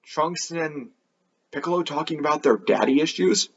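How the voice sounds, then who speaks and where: A man's voice: on the high side, expressive, normal speed, a bit bright, breathy edge, lo-fi sound. A man hosting an anime review video, talking in a casual, offhand, rambling way with a sarcastic edge.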